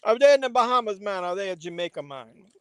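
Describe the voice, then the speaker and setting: A man putting on an exaggerated, jokey mock-Jamaican-accented voice, sing-song and loud. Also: very high voice, lively intonation, slow, clean tone, no echo, clean studio sound, voice pushed up, full character voice. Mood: teasing.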